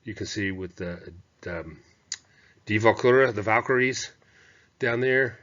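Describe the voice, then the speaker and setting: A man's voice: on the low side, a little slow, fairly bright tone. A man giving a chatty, digressive lecture on historical costume, talking through slides with fillers and asides. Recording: dull, muffled lo-fi lecture recording.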